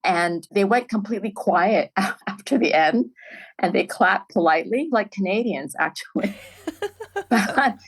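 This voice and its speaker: A middle-aged woman, a filmmaker guest on a podcast, telling stories in an animated way and laughing often. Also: mid-range voice, measured pace, breathy edge, rough recording. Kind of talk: storytelling in a podcast interview.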